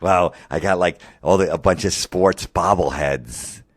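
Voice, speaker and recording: A man putting on a slow, dopey sports-fan guy. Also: low voice, no room sound. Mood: dopey, earnest. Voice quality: slow, dim-witted drawl. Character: dopey middle-aged sports-obsessed man. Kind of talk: stand-up rant impression.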